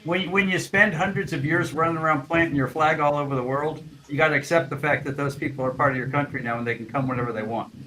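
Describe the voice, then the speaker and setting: A man's voice: on the high side, quick pace, hardly any pauses, bright, forceful tone, rough recording. A man in casual group chat who shares facts and tells anecdotes. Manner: chatty, trading facts and anecdotes. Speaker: chat participant.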